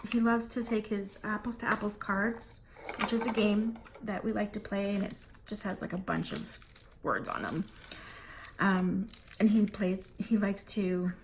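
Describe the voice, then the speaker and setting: A woman's voice: medium pitch, slight background noise. A woman in her thirties or forties, telling a frustrating family story to camera in a casual, venting way and acting out what everyone said. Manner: exasperated, venting, acts out family dialogue. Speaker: vlogger.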